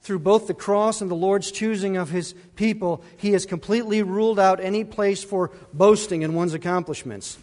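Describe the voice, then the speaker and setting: A man preaching a sermon as pastor, animated and emphatic, with asides and brief laughs. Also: sits high, moderate pace, hardly any pauses, big-room sound.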